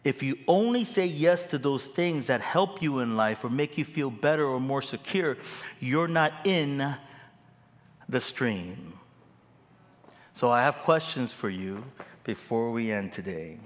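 A man's voice: mid-range voice, unhurried, big-room sound. A man preaching a sermon, telling stories with humor and building to emphatic exhortation. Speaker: pastor.

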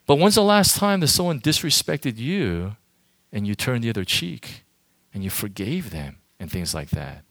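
A man's voice: medium pitch, big pitch swings, normal speed, a bit bright, no room sound. Man preaching casually to a youth group. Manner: conversational, emphatic, addresses audience directly. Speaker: youth pastor. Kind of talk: informal sermon to a youth group.

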